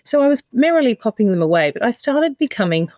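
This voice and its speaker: A woman's voice: fairly high pitch, sing-song, fast talker, a little mellow, no room sound. Woman telling a candid story, dry sound. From Australia. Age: middle-aged. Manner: candid, emotional retelling with many quoted exchanges. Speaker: podcast guest. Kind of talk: conversational storytelling.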